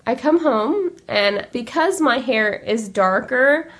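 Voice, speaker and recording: A woman's voice: fairly high pitch, lively intonation, takes it slowly, a bit bright. A young woman hosting a podcast, a little congested, chatting in a rambling, upbeat way. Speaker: podcast host. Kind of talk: casual chat.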